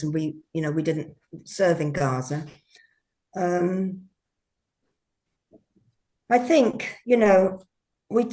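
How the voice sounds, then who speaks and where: A woman's voice: deep voice, darkish tone. A woman from England, a former human rights monitor, answering questions in a casual discussion, hesitant and thoughtful with many fillers.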